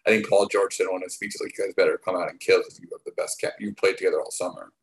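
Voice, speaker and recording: Male co-host, low voice, rambling and halting delivery, casual sports chat. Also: steady tone, poor audio. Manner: rambling, halting, many fillers and restarts. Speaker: podcast co-host.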